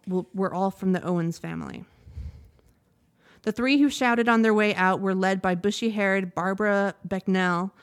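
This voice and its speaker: A woman reading a news report aloud in a measured, steady way, now and then stopping to correct a word. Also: lowish voice. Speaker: news reader.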